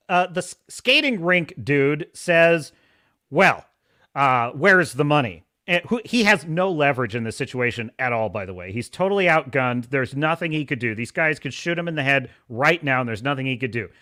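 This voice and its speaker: Male podcast host, casual commentary, high-pitched with a bright edge, sarcastic and exasperated. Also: lively intonation, normal speed. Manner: acts out quoted dialogue in put-on voices. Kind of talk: casual commentary recapping a show.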